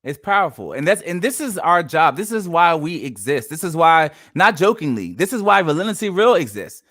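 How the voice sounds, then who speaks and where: Animated high-voiced podcast host. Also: male voice, brisk, no echo, studio quality. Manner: animated, emphatic preaching-like delivery. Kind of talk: faith-based casual discussion.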